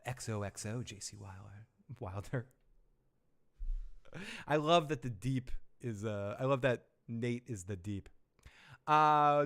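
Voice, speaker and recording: A man's voice: mid-range voice, unhurried, a bit bright. A man hosting a casual live stream, rambling and joking as he reads viewer messages and laughs often. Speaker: live stream host reviewing a TV episode.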